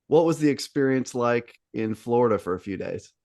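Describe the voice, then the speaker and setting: A man's voice: mid-range voice, animated, normal speed, vocal fry, darkish tone, no echo, clean studio sound. A man hosting a sports podcast, chatting in an upbeat, casual way with lots of fillers. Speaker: podcast host. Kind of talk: casual interview chat.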